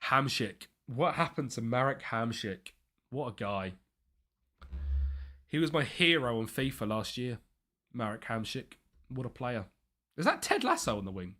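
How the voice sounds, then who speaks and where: A young man streaming live, chatting and thinking aloud over a football management game, with excited bursts at chances. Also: mid-range voice, measured pace, pauses often. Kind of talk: live gameplay commentary.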